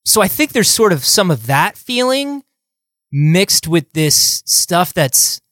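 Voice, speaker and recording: A man co-hosting a podcast in casual chat, talking in quick bursts with a playful, rambling manner. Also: sits high, big pitch swings, a bit bright, no echo. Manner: chatty, fast bursts, lots of "like" fillers, playful asides. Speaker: podcast co-host.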